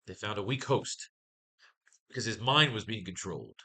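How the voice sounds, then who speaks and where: A man's voice: on the low side, lively intonation, moderate pace, pushed and bright. A man running a casual comics writing class, thinking aloud and testing lines of dialogue, swearing freely and muttering to himself.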